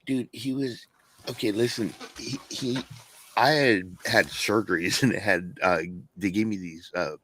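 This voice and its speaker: Excitable low-voiced man telling a drunk story. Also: a little slow, dry recording. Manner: excitable, swears freely, repeats words. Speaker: podcast co-host. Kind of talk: casual storytelling chat.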